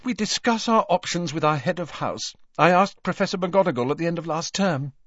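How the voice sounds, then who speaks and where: A man voicing a frantic, anxious bookish teenage girl in an audiobook reading, high-pitched and breathless. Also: expressive, brisk, fairly bright tone, no room sound, lo-fi sound. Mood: eager.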